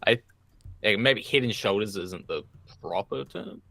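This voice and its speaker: A man's voice: fairly low pitch, animated, unhurried, gravelly, bright, forceful tone, no echo. A man co-hosting a movie podcast in casual chat, laid-back, swearing freely and laughing often. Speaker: podcast co-host.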